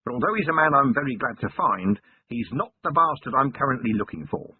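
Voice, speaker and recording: A man's voice: medium pitch, big pitch swings, fairly quick, slight background noise, lightly acted. A man reading the part of a stern male police commander with a dry, commanding manner. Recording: tinny lo-fi recording.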